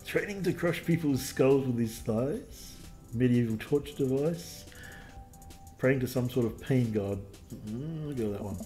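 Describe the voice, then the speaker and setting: A man's voice: medium pitch, lively intonation, a little slow, mellow, soft background music. A man streaming a dating game, reading it aloud with wry, jokey asides. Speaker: let's play streamer.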